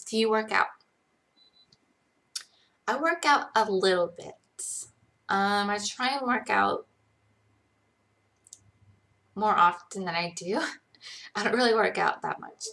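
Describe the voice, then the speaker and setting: A young woman casually answering chat questions on a live stream, hesitant, with frequent ums and pauses. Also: mid-range voice, vocal fry, a bit bright.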